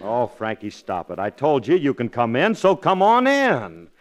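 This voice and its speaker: A man starring in a 1940s radio comedy, brash and flustered, quick with a quip. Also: mid-range voice, wildly swooping pitch. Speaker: comedian and star of the show. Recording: hissy old radio broadcast.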